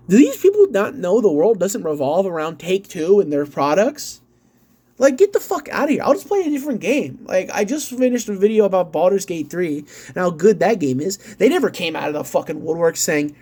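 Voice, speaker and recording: A man's voice: sits high, big pitch swings, normal speed, dark tone. Angry, swearing gaming commentator man. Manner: angry, profane, incredulous ranting; reads an article aloud and breaks off to react. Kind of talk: ranting gaming-news commentary.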